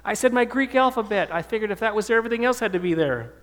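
A man's voice: sits high, animated, racing. A man in his fifties telling his life story to a church audience, acting out the voices of people in it. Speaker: speaker giving testimony. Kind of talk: storytelling sermon talk. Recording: long hall reverb.

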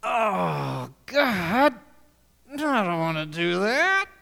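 A man's voice: sits high, very animated, gravelly, bright, forceful tone, in a large hall, heavily acted. A preacher voicing a reluctant young male prophet who whines and pleads, unsure of himself. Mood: whining. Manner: whining, pleading, drawn-out.

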